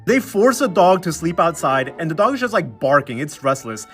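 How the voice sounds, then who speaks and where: A man's voice: fairly high pitch, moderate pace, soft background music. Slangy, sarcastic young man recapping a show. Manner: slangy, sarcastic, animated storytelling with mocking quoted voices. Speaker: recap commentator. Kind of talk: comedic episode recap.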